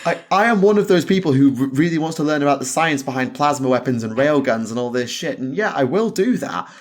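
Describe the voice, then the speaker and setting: A man's voice: a little high, lively intonation, fast talker. Sweary man ranting on a podcast. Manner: ranting, sweary, emphatic, laughs often. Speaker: podcast host. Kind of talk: casual podcast chat.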